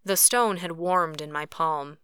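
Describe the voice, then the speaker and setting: A woman narrating a first-person novel as an audiobook, with expressive, lively reading. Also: sits low, measured pace, smooth, dry recording, clean studio sound.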